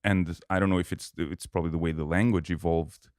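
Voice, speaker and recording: Man, hesitant and low. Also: steady tone, fairly quick, a little mellow, dry recording, studio quality. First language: Portuguese. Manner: hesitant, many restarts. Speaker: podcast co-host. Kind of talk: casual chat.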